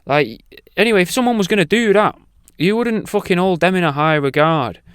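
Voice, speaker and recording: A man's voice: sits high, expressive, a little fast, fairly bright tone, clean tone, no echo, clean studio sound. A man hosting a radio talk show, rambling off on tangents and swearing freely. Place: radio studio.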